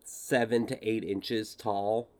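A man narrates a tabletop role-playing game as its game master. His voice sits a little low and he takes his time, relaxed and hesitant, filling pauses with ums and likes.

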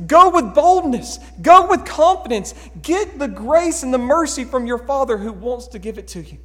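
A man preaching a sermon as pastor, earnest and pleading, dropping to a hush and rising to emphatic calls. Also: extremely high pitch. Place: church sanctuary. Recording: long hall reverb.

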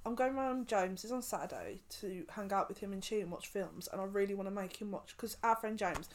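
A woman's voice: medium pitch, a little fast, a little hiss or hum. A young woman in casual chat, rambling through stories and laughing often.

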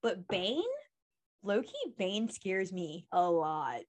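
A woman's voice: lowish voice, expressive, takes it slowly. A woman co-hosting a podcast in casual chat, opinionated and rambling, laughing often. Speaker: podcast co-host.

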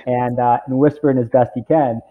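A man's voice: mid-range voice, fairly even intonation, a little fast. A man in his forties, a camp director, telling a long personal story in an interview, rambling and filling his talk with "you know" and "right?". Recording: tinny phone-like audio.

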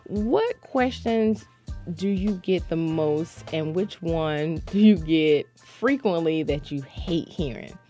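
A woman's voice: low voice, lively intonation, slow pace, warm tone, faint music behind. A woman hosting a podcast, chatting casually and asking rambling questions with giggles. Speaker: podcast host. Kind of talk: casual interview chat.

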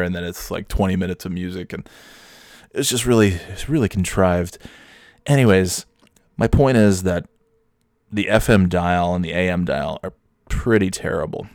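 A man in his thirties with a lowish voice rambles through a solo podcast monologue, swearing freely and poking fun at himself. The sound is dry and close, with no room around it. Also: dry recording. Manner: rambling, self-deprecating, profane. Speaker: podcast host.

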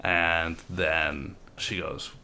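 A man's voice: deep voice, little pitch movement, drawn-out words, gravelly, sharp tone. A man co-hosting a podcast, brainstorming a story and acting out its characters' lines. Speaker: podcast co-host. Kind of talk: casual brainstorming chat.

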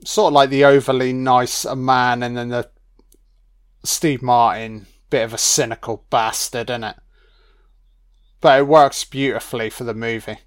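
A man's voice: medium pitch, flat delivery, unhurried, clear, resonant tone. A man giving a casual, profane audio commentary on a film, chatting loosely and laughing often.

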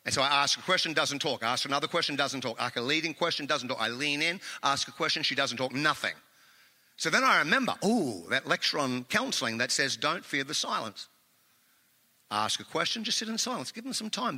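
A male pastor preaching an animated, self-mocking sermon in a very bright, fairly high voice. His words carry through a long reverberant church hall. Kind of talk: sermon with personal stories. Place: church sanctuary.

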